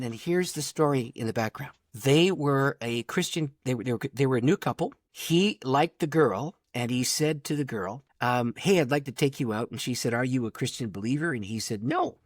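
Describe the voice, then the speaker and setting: A man's voice: a little high, dry recording, clean studio sound. A middle-aged man, a pastor, telling a personal story in conversation, acting out the voices in his quotes. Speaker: pastor and author, podcast guest.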